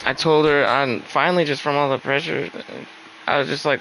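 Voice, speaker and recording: A man's voice: a little high, fairly even intonation, normal speed, vocal fry, sharp tone, slight background noise, poor audio. A young man venting casually in a rambling, upset way, with lots of fillers and swearing. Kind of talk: casual venting while gaming.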